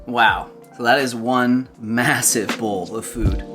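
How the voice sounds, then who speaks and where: A man's voice: mid-range voice, slow, over music. A man hosting a casual food vlog, chatting to camera and laughing easily as he cooks and tastes. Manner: chatty, relaxed, laughs often. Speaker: vlog host. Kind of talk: casual chat to camera while cooking and tasting.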